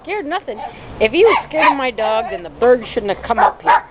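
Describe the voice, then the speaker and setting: A woman's voice: a little high, sing-song, a little fast. A woman filming her dog and a bird at home, teasing and laughing as she talks to the dog, on a dull, noisy home video.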